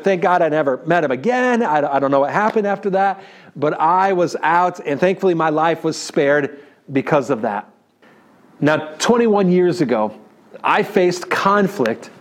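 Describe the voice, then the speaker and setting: A man in his thirties with a New York accent, preaching a sermon and telling a story in an animated way, often checking in with the congregation. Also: sits high. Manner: animated, talks to the audience with "right?". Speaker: pastor.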